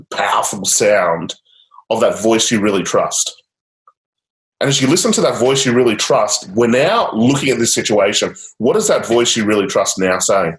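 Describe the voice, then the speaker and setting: A man guiding a client through a coaching session, upbeat and encouraging, with casual fillers. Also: medium pitch. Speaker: change coach. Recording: roomy echo.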